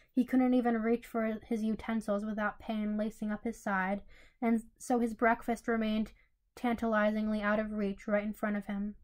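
A woman reading a fanfiction story aloud in a fairly high voice. Her narration is even, with small slips that she corrects as she goes. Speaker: story reader.

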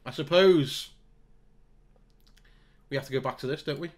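A man talks through his football management game as it plays out, muttering quietly to himself between bursts of excitement. His voice sits a little on the higher side. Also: moderate pace. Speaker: gaming YouTuber. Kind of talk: live commentary on his own game.

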